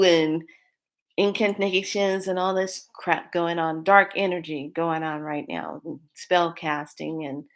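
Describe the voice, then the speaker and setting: Lower-voiced woman telling a story animatedly. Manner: animated, laughing, acts out quotes. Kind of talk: casual storytelling.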